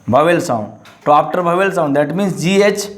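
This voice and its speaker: Guy teaching an english lesson, kinda high voice, lots of uh and you know, echoey room. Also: animated. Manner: repetitive, halting, many fillers. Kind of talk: classroom lesson explanation.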